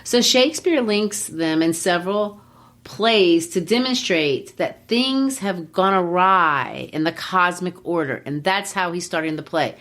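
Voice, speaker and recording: A woman hosting a literature podcast and explaining in a lively, teacherly way, with frequent "you know.". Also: on the low side, measured pace.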